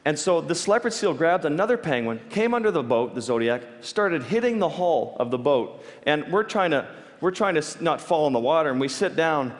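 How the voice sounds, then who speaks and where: An animated man with a fairly high voice tells stories on stage, the sound carrying a long hall reverb. He's quick to laugh and keeps restarting mid-sentence in halting bursts.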